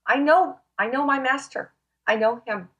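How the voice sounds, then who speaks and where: A woman's voice: sits high, normal speed, sharp tone, highs cut off. A woman speaking as a talk show guest, sharing an emphatic, emotional Christian testimony and sounding close to tears. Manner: passionate, emphatic, near tears.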